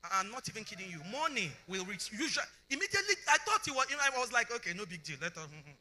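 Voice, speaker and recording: A woman's voice: medium pitch, big pitch swings, quick pace, bright, forceful tone, a little hiss or hum. A middle-aged woman with a Nigerian accent preaching a testimony at a conference. She tells her story with animation, acts out both sides of the conversations and keeps asking the congregation whether they understand. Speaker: conference speaker. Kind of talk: testimony sermon.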